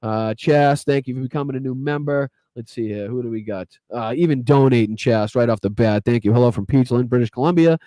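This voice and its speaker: A man with a Boston accent, hosting a live-streamed political podcast and casually thanking viewers one by one, often swearing and filling pauses with "uh.". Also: medium pitch, dark tone, no room sound. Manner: casual, profane, grateful, many fillers. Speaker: podcast host. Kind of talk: live stream chat shout-outs.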